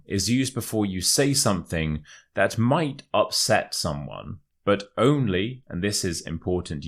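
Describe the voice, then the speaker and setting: A young man with a modern British RP accent teaching English expressions, modelling pronunciation slowly and clearly. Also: low voice. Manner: clear, carefully modelled pronunciation, friendly explaining. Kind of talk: online English lesson.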